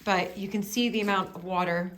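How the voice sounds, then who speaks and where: A woman's voice: mid-range voice, steady tone, brisk, a bit bright, slight background noise. An American woman filming herself in a cellar, talking in an emotional, rambling and apologetic way. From United States. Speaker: host. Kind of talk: casual vlog narration. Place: indoor cellar. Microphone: handheld camera she is filming with.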